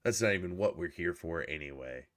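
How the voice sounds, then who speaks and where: A man's voice: deep voice, expressive, fairly quick, fairly bright tone. A man hosting a reaction video, ranting indignantly with heavy swearing. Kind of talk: casual profane commentary rant.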